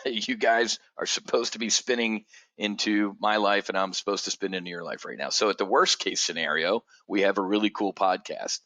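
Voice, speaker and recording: An animated middle-aged man holds forth in a casual monologue. His voice is forceful and bright, with a lowish pitch. The sound is dry and close. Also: normal speed, no echo. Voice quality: animated, swears freely, acts out others' voices in high pitch. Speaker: trading community host.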